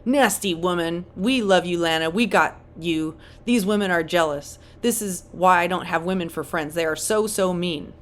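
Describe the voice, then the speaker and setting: A woman's voice: lowish voice, normal speed, few pauses, lightly acted. A woman voicing a dismissive, mocking female online fan who scoffs and brushes people off. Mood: scornful.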